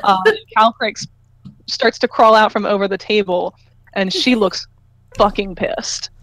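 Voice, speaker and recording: A woman's voice: mid-range voice, unhurried, gravelly, fairly bright tone, dry recording. A woman running a tabletop game as game master, narrating loosely with fillers and small laughs.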